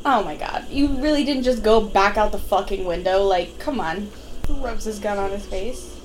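A young woman co-hosting a casual movie-watching podcast, animated and swearing, acting out scenes in voices. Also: mid-range voice, moderate pace, slight background noise. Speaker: podcast co-host.

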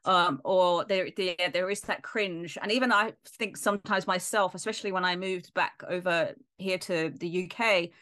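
A woman with an Australian accent, a film lecturer speaking in a casual interview, thoughtful and often pausing to search for words. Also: fairly low pitch, a bit bright.

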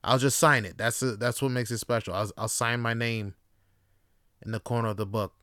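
Man, podcast host, casual comic rant, smooth voice, deadpan asides. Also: medium pitch, moderate pace, no room sound, studio quality. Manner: profane, rambling, deadpan asides. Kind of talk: casual comedic monologue.

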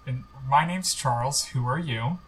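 A man's voice: medium pitch, measured pace, husky. A man playing a tabletop game, talking casually and hesitantly as he thinks aloud. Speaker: player.

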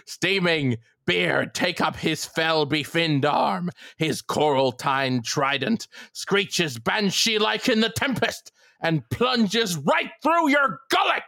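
A woman's voice: lowish voice, animated, creaky, a bit bright, no room sound, clean studio sound, pitched above the performer's own voice, heavily acted. A woman voicing a ranting, wrathful old male sea captain in a theatrical salty dialect. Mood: raging curse. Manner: slow, drawn-out curse delivery.

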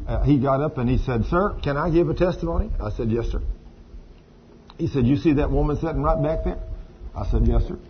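Talking a little fast in a fairly high voice, this pastor tells stories from the pulpit in a folksy way and addresses the congregation directly at times. The sound is dull lo-fi, carrying a touch of hiss or hum and faint ambience.

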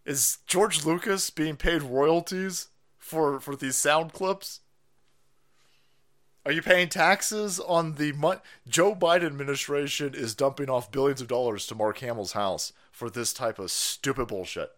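A man's voice: a little high, measured pace, a bit bright. A man hosting a live stream, ranting in a profane, mocking way and laughing often.

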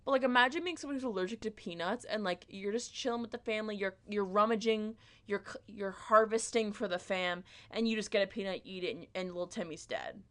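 A woman's voice: medium pitch, brisk, few pauses, fairly bright tone. A woman delivering a rambling, self-deprecating comedic monologue, full of "like" and restarts.

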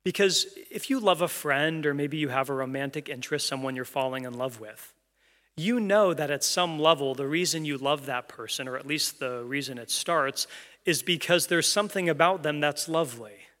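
Male pastor, earnest, conversational sermon, bright tone, echoing sanctuary. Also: on the high side, normal speed. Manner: earnest, conversational, asks the congregation questions. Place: church sanctuary.

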